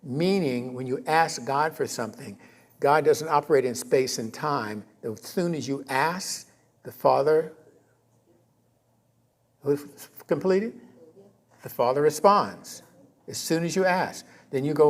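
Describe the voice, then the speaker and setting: A man giving a conversational sermon in a church, often checking in with his congregation and rising in pitch for emphasis. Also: normal speed. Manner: conversational, keeps checking in with "okay?"; animated, rises in pitch and volume for emphasis. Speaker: minister.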